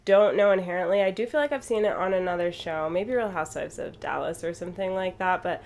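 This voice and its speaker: Young Valley Girl woman with vocal fry. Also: on the low side, fast talker, darkish tone. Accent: Californian Valley Girl. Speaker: podcast co-host. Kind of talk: casual chat.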